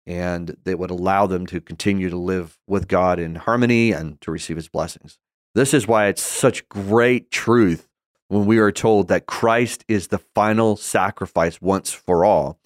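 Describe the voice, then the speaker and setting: Earnest low-voiced man teaching scripture. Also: dry recording, clean studio sound. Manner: earnest, emphatic, grows impassioned. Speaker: Christian teacher. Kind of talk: conversational Bible teaching.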